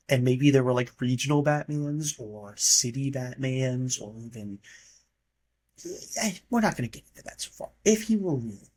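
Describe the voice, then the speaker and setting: A man talks alone into the mic in an easygoing, loose monologue. He rambles from thought to thought, sounds offhand, and swears casually. His voice sits at an ordinary middle pitch for a man. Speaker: podcast host.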